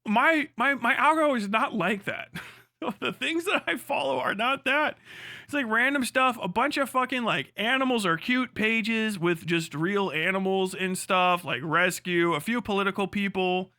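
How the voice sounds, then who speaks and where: A man's voice: high voice, dry recording, studio quality. A man streaming casually, ranting with lots of swearing and laughter, and mimicking voices he mocks. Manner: animated, profane, quick to laugh, mimics voices. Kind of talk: casual livestream rant.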